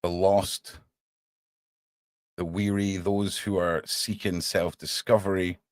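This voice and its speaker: A man's voice: deep voice, slow, no room sound. A man hosting a casual live stream, talking to his viewers, calling them mate and swearing now and then. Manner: animated, swears casually, addresses chat as mate. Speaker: livestream podcast host.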